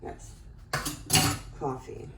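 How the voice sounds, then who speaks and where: A woman's voice: very slow, darkish tone, slight background noise, rough recording. A woman talking to herself at home in a casual vlog, rambling and groggy. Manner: rambling, groggy self-talk. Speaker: vlogger.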